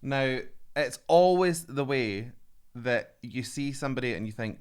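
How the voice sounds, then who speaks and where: Male vocal coach, reaction commentary, smooth clear tone, mid pitch, analytical and keen. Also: lively intonation, moderate pace. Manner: analytical and enthusiastic, prone to laughing. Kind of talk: reaction commentary on a singing video.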